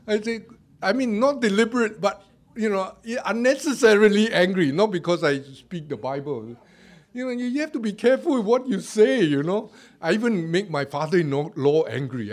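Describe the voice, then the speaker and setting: Male pastor, higher-pitched, conversational sermon delivery, laughs at himself, volume swings between emphasis and soft asides. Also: lively intonation, moderate pace. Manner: conversational, frequent "all right?" and "you know", laughs at himself.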